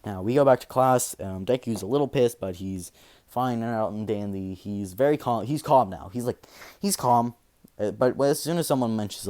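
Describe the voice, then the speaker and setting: A man narrates a homemade story off the cuff, in a low voice. He meanders, circles back, fills gaps with "um" and "like", and swears casually. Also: a little mellow. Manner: meandering, full of fillers and restarts, casual swearing. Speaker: fan storyteller. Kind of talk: rambling improvised story narration.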